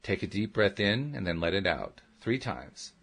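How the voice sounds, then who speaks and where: A man voicing a calm, gentle woman who patiently guides a boy through relaxing, speaking in a soft and steady way. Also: lowish voice, normal speed, gravelly, exaggerated voice. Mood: soothing.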